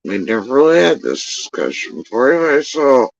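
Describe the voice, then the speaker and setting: A man's voice: mid-range voice, very animated, a little fast, gravelly, no room sound, highs cut off. A man in a casual livestream monologue, telling a story in a heated, profane, emphatic way. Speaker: livestream host.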